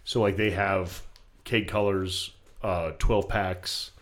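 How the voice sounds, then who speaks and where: Low-voiced blunt man, profane and rambling. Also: steady tone, slow. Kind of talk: casual chat.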